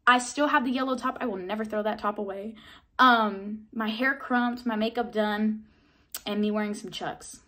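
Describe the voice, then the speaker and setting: A young woman in her twenties telling a casual vlog story, chatty, full of "like" and mild swearing, jumping into excited high bursts when she replays her own reactions. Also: moderate pace. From Southern California. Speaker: vlogger.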